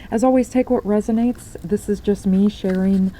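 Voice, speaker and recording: A woman's voice: mid-range voice, fairly even intonation, normal speed, warm tone, a little hiss or hum, low-quality recording. A woman giving a spiritual tarot reading, talking in a rambling way with many fillers and restarts. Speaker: tarot reader.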